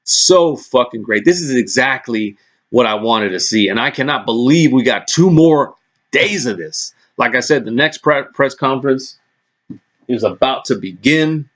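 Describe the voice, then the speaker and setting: A man in a casual vlog rant, worked up and swearing freely as he talks. He often restarts and stumbles over his sentences. His voice sits at an ordinary male pitch. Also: a little slow. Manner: excitable, swears a lot, frequent restarts. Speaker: vlogger recapping press conferences.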